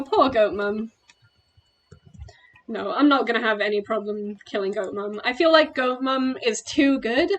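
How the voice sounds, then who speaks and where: A woman streaming a game, chatting casually in an excitable, giggly way with quick exclamations. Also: a little high, poor audio. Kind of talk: casual gameplay chat.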